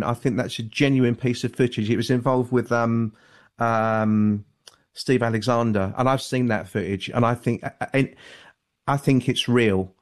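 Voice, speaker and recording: A man speaking as an author and guest on a call-in radio show, measured and hedging, with many fillers and restarts. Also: mid-range voice.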